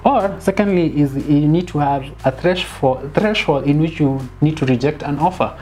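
A woman giving a casual, animated film critique, dropping in bits of Swahili slang and sounding exasperated. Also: sits low, normal speed, slight background noise. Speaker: film reviewer.

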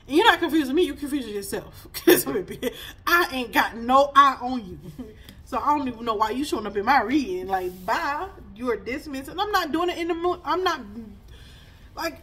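A woman's voice: high voice, fairly bright tone. A woman, giving a chatty spiritual reading full of laughs and sassy asides. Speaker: spiritual reader. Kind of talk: casual spiritual reading vlog.

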